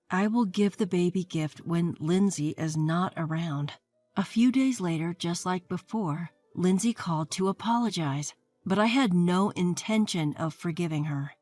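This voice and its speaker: A woman's voice: lowish voice, darkish tone. A woman in her forties narrating her own story in a wry, fed-up first-person way. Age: 40s.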